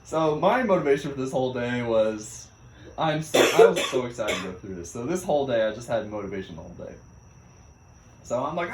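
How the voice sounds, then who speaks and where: A young man recounts his time at sea in a relaxed, animated way, often laughing and acting out the orders barked at him. His voice is mid-pitched and carries a noticeable echo from the room. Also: fairly quick, slight background noise. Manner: animated, laughs often, acts out quoted shouts. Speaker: Navy sailor recounting a deployment. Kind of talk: casual spoken storytelling. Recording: echoey room.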